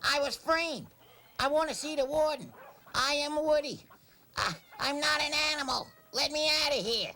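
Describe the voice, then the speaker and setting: A man's voice: very high voice, moderate pace, bright, forceful tone, voice pushed up, full character voice. A man voicing a sassy talking wooden dummy in a comedy sketch. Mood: pleading. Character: cranky talking wooden dummy Woody, male.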